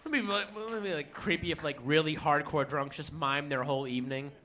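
A man doing a stand-up comedy routine, telling stories in a profane, animated way. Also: on the high side, a little fast.

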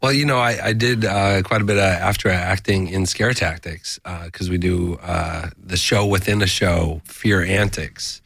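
A man being interviewed about his camera work, talking in a relaxed, self-deprecating way. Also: low voice, unhurried, vocal fry, few pauses, slightly rough, dry recording. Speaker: guest, cinematographer. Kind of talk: casual interview chat.

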